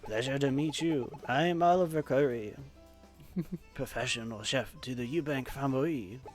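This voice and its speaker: A man's voice: mid-range voice, a little slow, soft background music, natural voice. A man voicing an adult male French chef with a clumsy mock French accent, proud and fussy. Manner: voices his own lines in a put-on accent he admits he can't do.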